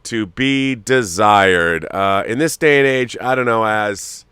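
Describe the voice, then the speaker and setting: A man's voice: on the low side, takes it slowly, sharp tone, clean tone, no echo, clean studio sound. A man hosting a casual chat, musing and hesitant as he talks, with plenty of fillers. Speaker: host. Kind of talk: casual chat reviewing collectible figures.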